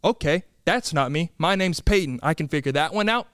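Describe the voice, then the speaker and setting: A man hosting a podcast, telling comedic stories in an animated, exasperated way and acting out the people in them. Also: a little high, brisk, smooth, dry recording, clean studio sound. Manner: animated, exasperated storytelling with quoted voices. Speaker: podcast host. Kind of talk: comedic storytelling monologue.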